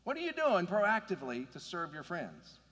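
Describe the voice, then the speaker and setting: A man's voice: sits high, wildly swooping pitch, moderate pace, a bit bright, long reverb tail. A man preaching a sermon in an earnest, conversational way, building to emphatic points. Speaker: pastor.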